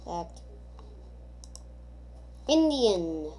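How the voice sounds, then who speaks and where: Woman gamer, mellow tone, casual rambling commentary full of ums and restarts. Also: lowish voice, very animated, very slow, slight background noise. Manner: rambling, thinking aloud with many hesitations.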